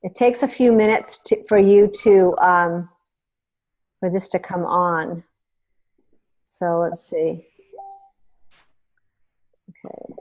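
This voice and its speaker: A woman hosting a meeting, giving a chatty hands-on software tutorial and often checking in with her listeners. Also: lowish voice, fairly even intonation, takes it slowly, long pauses. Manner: chatty and instructive, checks in with "okay?". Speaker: meeting host.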